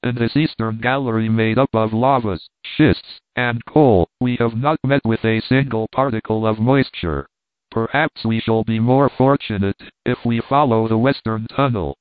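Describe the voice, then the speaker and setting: A man's voice: lowish voice, moderate pace, no echo, lightly acted. A man voicing a stern, obstinate older professor in an audiobook, speaking in a firm, commanding way. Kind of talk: audiobook reading. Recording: dry, phone-like narrow sound.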